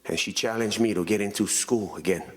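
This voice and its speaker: A man's voice: lowish voice, fairly quick. A man in his thirties with a Hawaiian Pidgin accent, giving a keynote speech and telling stories about himself in a joking way. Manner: joking, storytelling, lively. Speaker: keynote speaker. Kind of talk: storytelling speech. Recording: reverberant hall.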